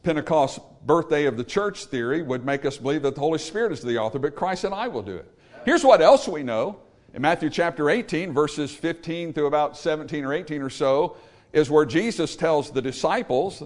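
Animated Baptist preacher with lively pitch. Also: male voice, brisk. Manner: emphatic preaching, rising to loud peaks then dropping low; calls for amen from the congregation. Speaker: Baptist pastor. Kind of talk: sermon.

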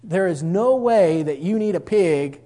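A man's voice: high voice, lively intonation, unhurried, warm tone. A man voicing his stern rural father, blunt and scolding.

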